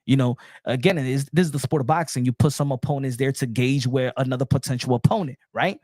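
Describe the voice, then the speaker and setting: A man giving an opinionated casual boxing monologue, repeating phrases and getting louder as he gets worked up. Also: medium pitch, fast, dry recording, studio quality. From New York. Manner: animated, repeats phrases, rising to shouts when worked up. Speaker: boxing commentator.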